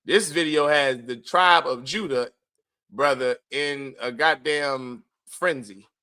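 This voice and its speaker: A man hosting a livestream, giving a forceful, preachy commentary and often calling his listeners brother. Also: mid-range voice, takes it slowly. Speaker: host of a religious group's class.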